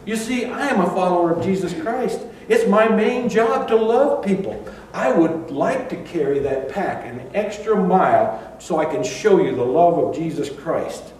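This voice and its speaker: Brief: man doing an eager, overpolite male civilian, high and fluttery, echoey room. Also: animated, moderate pace, darkish tone, slight background noise. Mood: eager pleading. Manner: eager, overly polite. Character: meek, cheerful male civilian pleading to serve. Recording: echoey room, far from mic.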